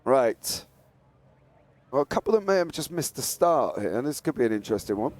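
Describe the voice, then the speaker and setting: A man's voice: mid-range voice, fairly quick, slight background noise. A man commentating on a live esports race, chatty and joking with his co-host, with calls that build as the cars go by. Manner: chatty, jokey, climbs to excited shouts at race starts. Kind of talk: live sim racing commentary.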